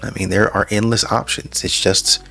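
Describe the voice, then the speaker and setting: A man's voice: on the low side, little pitch movement, moderate pace, vocal fry, bright, forceful tone, soft background music. A man giving reaction commentary in a dry, mocking way. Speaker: reaction channel host.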